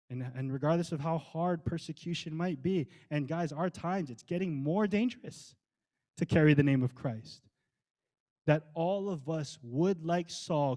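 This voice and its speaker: A pastor preaching a sermon with passion, firing rhetorical questions and shifting between quick runs and slow, emphatic phrases. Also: male voice, a little high, warm tone.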